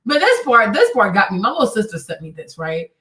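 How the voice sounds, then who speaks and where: A woman hosting a livestream and commenting on clips in a blunt, exclamatory manner. Her pitch swings widely and stays fairly high. The sound is echoey, as if picked up from across a room. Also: big pitch swings, fairly quick, bright, forceful tone. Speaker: host. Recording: roomy and distant from the mic.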